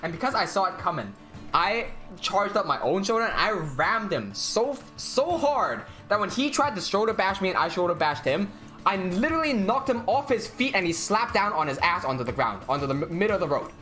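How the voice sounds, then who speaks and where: Animated young man telling a story. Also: a little fast, faint music behind. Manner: swears often, acts out quotes in a lower voice. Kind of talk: casual storytelling during a game stream.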